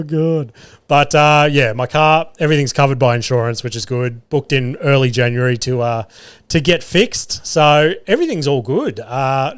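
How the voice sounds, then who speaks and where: A man's voice: mid-range voice, clear, resonant tone, no room sound. An Australian man hosting a podcast and telling a rambling story in a casual monologue, swearing often. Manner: swears a lot, rambling and animated. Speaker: podcast host.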